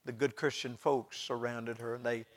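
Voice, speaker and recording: A male pastor telling a story in a sermon, dropping soft then rising loud and emphatic. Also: mid-range voice, little pitch movement, moderate pace. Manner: swings from hushed to loud, emphatic. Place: church.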